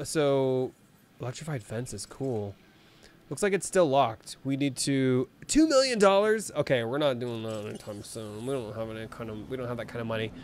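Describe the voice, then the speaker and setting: A man's voice: medium pitch, slight background noise. A young man streaming a video game live, chatting with viewers and reading game text aloud as he plays. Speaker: gaming streamer. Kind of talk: live let's play commentary.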